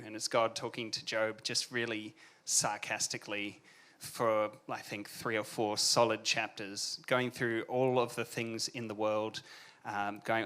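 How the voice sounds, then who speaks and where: A man speaking on a discussion panel in an easygoing, thoughtful way. His voice is mid-pitched and he slips in wry asides as he talks. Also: fairly even intonation, moderate pace, a bit bright.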